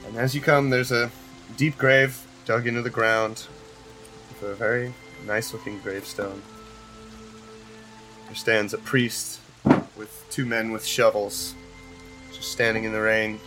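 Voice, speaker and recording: A man narrating a tabletop game as game master in a relaxed, casual way. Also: fairly low pitch, measured pace, long pauses, faint music behind, low-quality recording.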